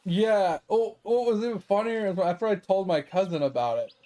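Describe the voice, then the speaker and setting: A man's voice: sits high, moderate pace, dark tone. A man streaming games, telling a long rambling story from his childhood with lots of swearing and laughter. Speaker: gaming streamer. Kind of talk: casual storytelling on a game stream.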